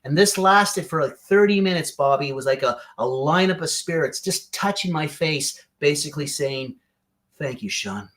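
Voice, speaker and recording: A man, a podcast guest, telling a personal story in an animated way and often addressing the host by name. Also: fairly high pitch, moderate pace. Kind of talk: emotional storytelling.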